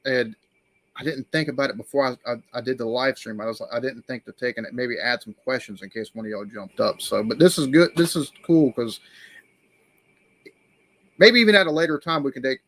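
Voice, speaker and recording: Man, live-stream host, animated storyteller, dry close sound. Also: medium pitch, brisk, dry recording. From United States. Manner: animated storyteller, acts out quoted voices. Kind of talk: casual live-stream chat.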